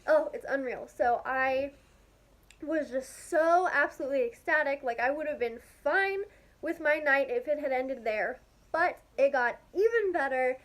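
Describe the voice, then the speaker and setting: A young woman telling a story to her camera in a casual, gushing, excitable way, filling her talk with "like". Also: sits high, unhurried. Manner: gushing, excitable, heavy use of "like". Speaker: vlogger.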